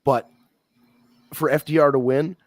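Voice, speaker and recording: A man's voice: a little high, fairly even intonation, a little slow, no room sound, clean studio sound. A man hosting a wrestling podcast, giving blunt, rambling opinions in casual talk and swearing freely.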